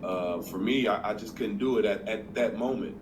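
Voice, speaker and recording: A former basketball player telling a story in an interview clip, conversational and retelling exchanges. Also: male voice, lowish voice, moderate pace, background noise. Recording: interview clip over loud music.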